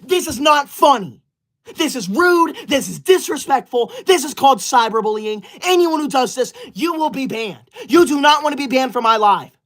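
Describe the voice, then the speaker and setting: With hardly any pauses, a man speaks at a moderate pace in an extremely high, animated voice. He's playing an indignant, touchy teacher's-pet boy who livestreams and melodramatically scolds and bans his viewers, in a comedic skit.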